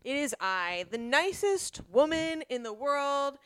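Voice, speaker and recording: A young adult woman co-hosting a comedy podcast, roasting with sarcastic, deadpan banter. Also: high-pitched, slow, slight background noise. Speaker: podcast co-host.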